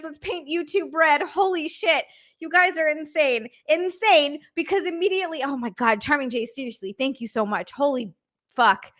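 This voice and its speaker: A young woman on a live stream, her high voice bright and ringing. She gushes and thanks viewers breathlessly, swearing freely as she reads their messages aloud. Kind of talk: live stream, reading out super chats.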